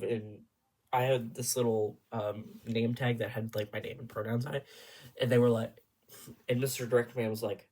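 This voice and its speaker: Young male vlogger, husky breathy tone, rambling animated storyteller with whispered asides. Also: medium pitch, normal speed. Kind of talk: casual storytelling vlog.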